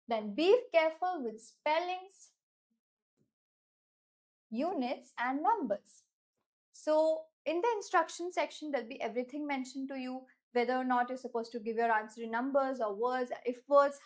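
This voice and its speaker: A woman teacher with an Indian English accent, giving an instructional lesson and slowing down to stress key words. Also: sits high. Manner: clear, deliberate, slows down to stress key words.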